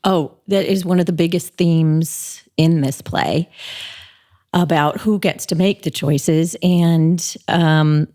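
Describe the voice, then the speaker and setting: A woman's voice: sits low, fairly even intonation, slow, mellow. A woman who directs theater, speaking as an interview guest in an earnest, reflective way.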